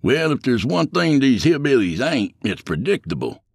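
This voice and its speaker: A cocky, defiant hunter, voiced by a male narrator in a spoken story, his voice lifted above the reader's own and bouncing with lively swings of pitch. He talks with brash confidence. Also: normal speed, gravelly, slightly rough, dry recording, studio quality, exaggerated voice.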